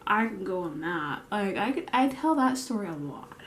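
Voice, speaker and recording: A woman's voice: mid-range voice, big pitch swings, moderate pace, reverberant, slight background noise. A woman telling rambling work stories while doing her makeup, full of restarts and fillers. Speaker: vlogger; bakery store worker. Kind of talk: get-ready-with-me chat while doing makeup.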